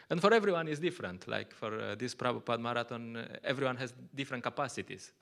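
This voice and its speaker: Gravelly man giving a scripture class. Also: medium pitch, fast, fairly bright tone. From Slovenia. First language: Slovenian. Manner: conversational, laughs often, acts out little quotes. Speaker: lecturer at a temple.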